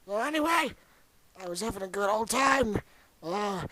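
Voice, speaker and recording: A young man voicing a boastful, rambling ancient old man who tells a crude, excitable tall tale in an amateur comedy bit. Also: high voice, normal speed, no echo, exaggerated voice, poor audio.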